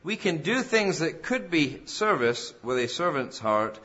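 Bright-voiced preacher with a rising cadence. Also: male voice, on the high side, big pitch swings, a little slow, muffled recording. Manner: rising and falling preaching cadence, rhetorical questions; quotes scripture in old-fashioned wording. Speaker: pastor. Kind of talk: sermon.

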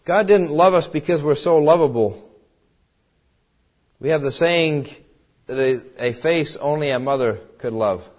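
Earnest high-voiced male preacher. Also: measured pace, pauses often. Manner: earnest, with tender quoted voices and frequent restarts. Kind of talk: sermon. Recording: dull lo-fi recording.

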